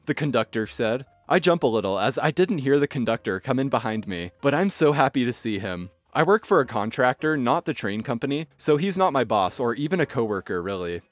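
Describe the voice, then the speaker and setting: A man narrating online stories in an expressive, scripted storytelling manner. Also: medium pitch, brisk, few pauses, dry recording. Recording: faint background music. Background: faint music.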